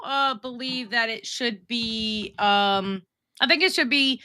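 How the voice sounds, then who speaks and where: A woman's voice: fairly high pitch, slow, sharp tone. A woman co-hosting a casual livestream, bubbly and playful, chatting while she eats. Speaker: livestream co-host. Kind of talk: casual chat.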